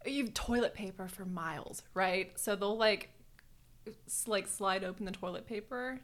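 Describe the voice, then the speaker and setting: A young woman co-hosting a podcast, telling a story in animated, casual chat. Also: medium pitch, a little slow. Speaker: podcast co-host.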